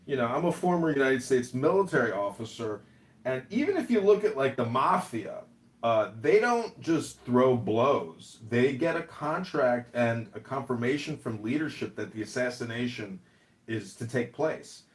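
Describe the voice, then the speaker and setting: A man's voice: mid-range voice, lively intonation, normal speed. A man in a casual chat who talks in a provocative, mock-formal way. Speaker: social audio guest. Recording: echoey, from a distance.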